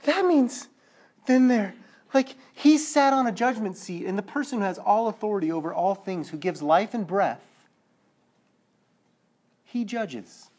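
Preaching at a measured pace with long pauses, a man stays animated, voicing the quotes he tells and checking in on his audience. When the sermon turns sad, he goes low and quiet.

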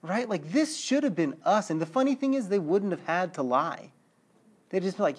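Animated male preacher. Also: sits high, moderate pace. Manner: animated, acts out quotes, checks in with listeners. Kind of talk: sermon.

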